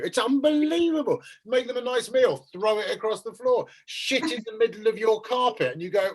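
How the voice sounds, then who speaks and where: A man's voice: high voice, lively intonation, measured pace, a crowd in the background, rough recording. A man in his fifties doing a stand-up comedy set, sweary and self-mocking with rambling asides. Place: online lockdown gig, from home. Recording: loud audience laughter behind.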